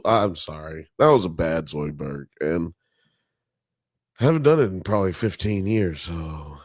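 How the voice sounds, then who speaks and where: A man's voice: sits low, animated, a little slow, a little mellow, no room sound, clean studio sound. A man hosting a podcast live stream, chatting casually in a profane, joking, rambling way. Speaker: podcast host.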